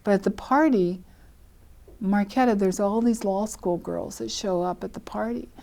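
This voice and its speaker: Older woman telling a lively story. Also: mid-range voice, normal speed. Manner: lively storyteller who acts out quoted speech and laughs often. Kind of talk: telling her life story.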